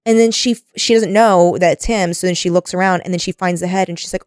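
A woman's voice: fairly low pitch, steady tone, fast talker, a little mellow, dry recording, clean studio sound. A woman co-hosting a casual book discussion, chatty and using "like" constantly as she retells the plot.

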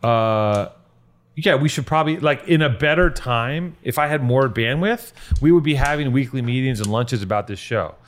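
A man's voice: mid-range voice, animated, normal speed. Rambling, profane man riffing. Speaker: podcast host. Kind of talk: casual comedic chat.

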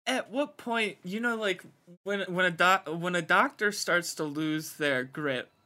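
Bright-voiced young man cracking dry jokes. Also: high voice, measured pace. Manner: dry, wisecracking, reads tweets aloud. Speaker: podcast co-host. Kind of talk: casual sports chat.

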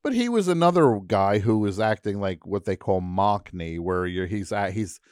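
A man with a lowish voice chats casually in a radio studio, telling a story with real animation. He keeps dropping into goofy impressions and mock accents for the bits. The mic is close and the sound is dry, with no room around it. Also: animated, moderate pace, darkish tone, no room sound. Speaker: radio show host. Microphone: studio microphone.

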